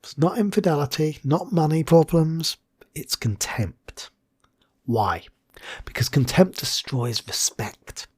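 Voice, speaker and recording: Husky man with dramatic whispered drops. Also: a little high, animated, slow pace, darkish tone. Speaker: hypnotherapist and coach. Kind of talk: scripted educational monologue.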